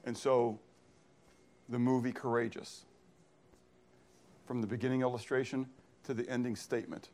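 A man's voice: mid-range voice, little pitch movement, normal speed, long pauses, a little mellow. A male pastor preaching a sermon in an emphatic style, often posing questions to the congregation and then answering them himself. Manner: emphatic, uses call-and-response questions.

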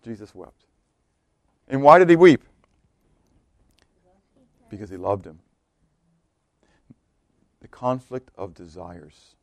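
A man preaching a sermon, swinging from loud emphatic bursts to hushed quiet lines. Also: mid-range voice, very animated, slow pace, long pauses, dry recording.

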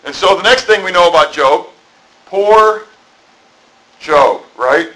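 A man's voice: high voice, animated, takes it slowly, sharp tone, low-quality recording. A middle-aged man preaching a sermon in a conversational, rambling way, full of asides. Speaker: pastor. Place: church.

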